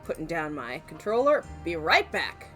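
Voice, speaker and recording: A woman's voice: deep voice, big pitch swings, moderate pace, a bit bright, faint music behind. A woman streaming a video game, chatting playfully and joking about the characters. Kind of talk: casual gaming commentary.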